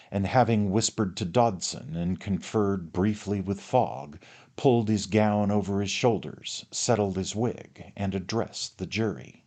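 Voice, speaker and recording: A man narrating a classic novel in a measured, formal reading. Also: deep voice, a little mellow. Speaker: audiobook narrator.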